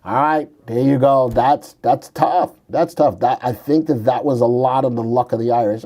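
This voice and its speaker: A man's voice: mid-range voice, measured pace, mellow. Chatty man hosting a stock show. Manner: wisecracking, slips into silly put-on voices. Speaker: stock market show host. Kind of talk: casual market commentary.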